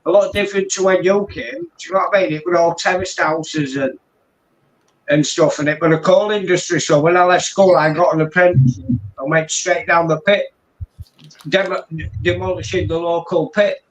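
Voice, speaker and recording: A man's voice: high-pitched, fairly even intonation, moderate pace, low-quality recording. A middle-aged man from England, a guest telling rambling stories in casual chat and repeating "do you know what I mean".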